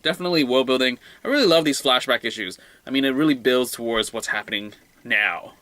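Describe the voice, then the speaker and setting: A man's voice: medium pitch, quick pace, no echo. Rambling young man reviewing comics. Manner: rambling, excitable, often trails off quietly. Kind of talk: casual solo review vlog.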